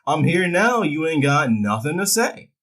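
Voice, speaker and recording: A man's voice: a little high, very animated, unhurried, a bit bright. A man voicing an angry woman wrestler who trash-talks in a sassy, confrontational way.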